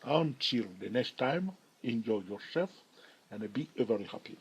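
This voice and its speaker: He explains charts on his stock trading channel in a tutorial, trading jokes with viewers and repeatedly checking "all right?". His mid-range voice is animated and breathy-edged, at a measured pace, through poor-quality audio.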